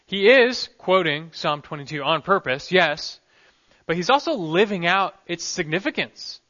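A male pastor delivers an expository sermon in an earnest, emphatic way, letting his phrases fall soft at the ends. His voice is bright and forceful and sits a little high. The recording is dull and lo-fi. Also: expressive, measured pace.

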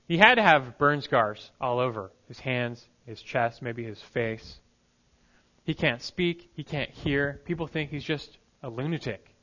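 A male pastor preaching a sermon, emphatic, moving between hushed lines and loud peaks. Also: medium pitch, highs cut off.

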